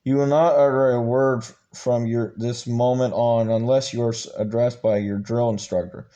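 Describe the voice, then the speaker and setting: A man reading aloud and voicing a harsh, bullying male Marine drill instructor who growls crude orders, with halting restarts. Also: medium pitch, level tone, warm tone, natural voice, poor audio. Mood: barking.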